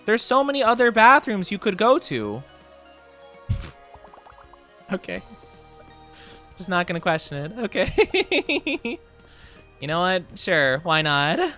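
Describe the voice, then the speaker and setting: A chatty streamer talks casually with viewers while playing, with a bright, forward voice and frequent giggles. Faint music plays underneath. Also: mid-range voice, big pitch swings, slow, long pauses. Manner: chatty and giggly, answers chat messages. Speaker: streamer reading chat. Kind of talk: casual livestream chat over gameplay.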